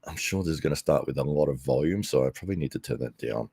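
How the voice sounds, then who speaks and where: Extremely low in pitch, warm and slightly rough with vocal fry, this Australian man talks quickly and animatedly while hosting a live commentary stream. He rambles casually to viewers, laughing frequently and self-correcting. His desk microphone, used without headphones, delivers clean studio sound with no room noise.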